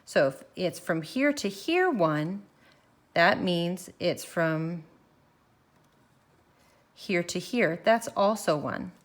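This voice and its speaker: Woman math teacher, slightly low voice, recorded lesson, talks students through each step, thinks aloud. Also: expressive. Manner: walks through steps slowly, thinking aloud. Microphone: phone camera filming her worksheet.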